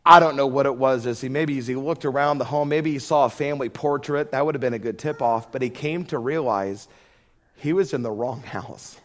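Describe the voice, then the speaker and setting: A man's voice: medium pitch, fairly quick. A middle-aged man preaching a sermon, telling a folksy story and rising to fervent emphasis on prayer. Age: middle-aged or older.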